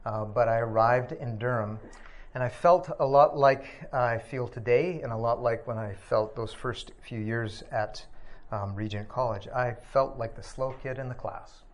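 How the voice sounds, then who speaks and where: A middle-aged man giving a personal testimony, reflective and halting, with many pauses and filler sounds. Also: medium pitch. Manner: reflective, halting with frequent ums and uhs. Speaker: speaker sharing a personal testimony.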